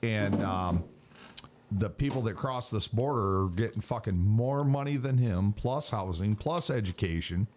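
A man's voice: on the low side, a little slow, darkish tone, a little hiss or hum. A man co-hosting a podcast in casual chat, ranting with heavy swearing. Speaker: podcast co-host.

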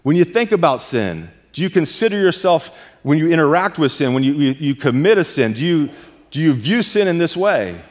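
Male pastor, mid-high voice, emphatic sermon delivery, long church reverb. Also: very animated, moderate pace. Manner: emphatic, repeats words when stressing a point. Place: church sanctuary.

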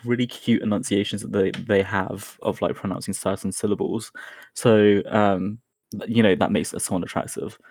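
A young man chatting casually as a podcast co-host, halting and full of fillers. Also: lowish voice, a little mellow, dry recording, clean studio sound. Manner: hesitant, many fillers. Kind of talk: casual chat.

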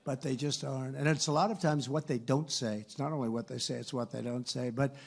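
An older man giving a campaign rally speech from a stage microphone, rambling and repetitive, sarcastic, and swinging between loud and soft. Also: medium pitch, steady tone, brisk, vocal fry, husky. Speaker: political candidate. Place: rally stage before a crowd.

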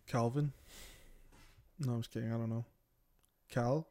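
A man's voice: mid-range voice, fairly even intonation, a little slow, warm tone. A young man co-hosting a podcast, chatting casually and jokingly, rambling with lots of fillers. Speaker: podcast co-host.

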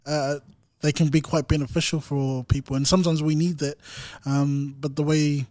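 A man hosting a podcast interview, who asks thoughtful questions in a measured way with frequent ums. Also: a little high, flat delivery, darkish tone, no room sound. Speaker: podcast host, student teacher. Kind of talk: casual interview.

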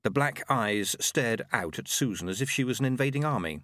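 A man narrating a novel in expressive scripted storytelling. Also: mid-range voice, fairly quick, no echo. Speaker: audiobook narrator.

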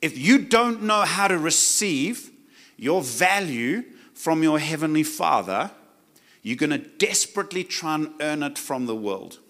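A male preacher with a high, ringing voice and a bright, forceful edge. He preaches with emphasis and often pauses to get the congregation to say key words back to him. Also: animated. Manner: emphatic, asks the crowd to repeat words. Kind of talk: sermon.

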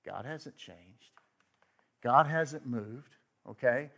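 A man delivers a sermon in a conversational, storytelling way. His pitch sits in a middling range, and he swings between forceful emphasis and quiet, hushed asides. He acts out the people he quotes with sudden outbursts. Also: expressive, extremely slow, creaky. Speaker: pastor.

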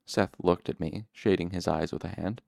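Deep gravelly male audiobook narrator. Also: steady tone, normal speed, a little mellow, no room sound, studio quality. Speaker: audiobook reader. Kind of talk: first-person novel narration.

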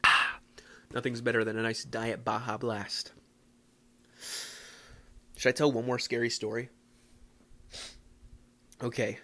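A young man from the Philadelphia area hosting a casual solo podcast, rambling and self-mocking with excitable bursts. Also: mid-range voice. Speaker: podcast host.

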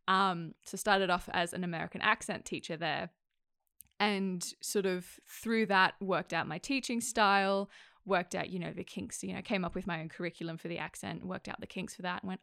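A woman who teaches acting, chatting casually and telling animated stories with frequent laughs. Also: on the low side, fast, creaky, no echo, clean studio sound. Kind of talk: casual chat.

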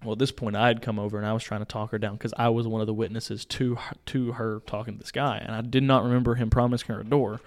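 A young man, a podcast co-host, casually telling a story in a small home studio, animated, acting out voices and laughing. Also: on the low side, fast, hardly any pauses. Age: young adult.

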